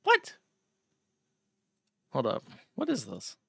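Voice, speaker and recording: A man's voice: medium pitch, huge pitch swings, takes it slowly, gravelly, a bit bright, slightly rough, dry recording, clean studio sound. A male host giving casual, sardonic commentary on clips, laughing often and peppering his talk with "like". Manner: laughing, filler-heavy, sardonic.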